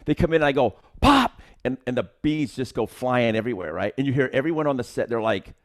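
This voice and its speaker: A man's voice: mid-range voice, quick pace, a little mellow. A man co-hosting a martial arts podcast, telling film-set anecdotes in casual chat and acting out the quotes with laughter.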